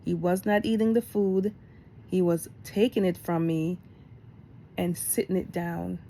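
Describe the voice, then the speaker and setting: A middle-aged woman talking candidly in a storytime vlog, getting animated as she retells events. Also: on the low side, a little slow, slight background noise. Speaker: vlogger.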